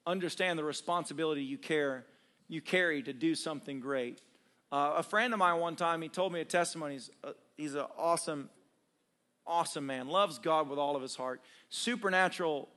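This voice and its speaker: A man preaching a sermon as pastor, exhorting the congregation with call-and-response and dropping to a quiet storytelling voice. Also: on the high side.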